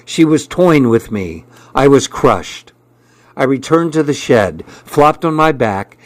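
A man narrating a first-person story as an audiobook, with measured storytelling. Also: medium pitch, dry recording.

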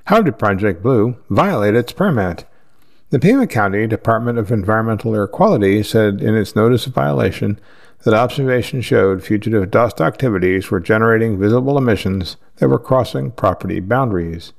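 A man reading news articles aloud in a steady, measured way, with the odd slip. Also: lowish voice, vocal fry. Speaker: news reader.

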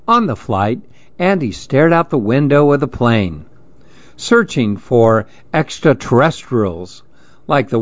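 A man narrating a children's story in a calm, measured reading. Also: medium pitch, dry recording. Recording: dull lo-fi dry recording.

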